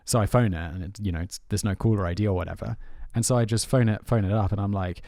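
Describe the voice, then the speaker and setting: A man's voice: fairly low pitch, fast talker, hardly any pauses, no room sound. Chatty male podcast host, dry sound. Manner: animated storyteller who trails off mid-thought. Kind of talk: casual chat.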